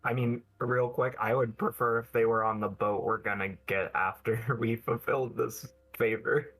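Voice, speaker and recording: A man's voice: medium pitch, fairly even intonation, normal speed, fairly bright tone, rough recording. A man chimes in casually as a tabletop game player. He hedges a little before making his point.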